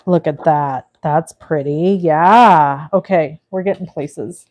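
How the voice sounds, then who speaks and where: Slow, mellow-voiced woman crafting live. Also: low-pitched. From California. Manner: chatty, thinks aloud, reads out viewer comments. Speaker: crafting livestream host. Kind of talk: casual live crafting demo.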